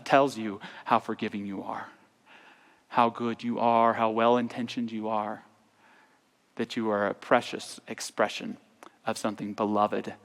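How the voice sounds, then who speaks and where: A man giving an earnest sermon as minister, his voice sometimes falling almost to a whisper. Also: mid-range voice. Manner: earnest, with soft drops to near-whispers. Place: large church sanctuary. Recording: long church reverb.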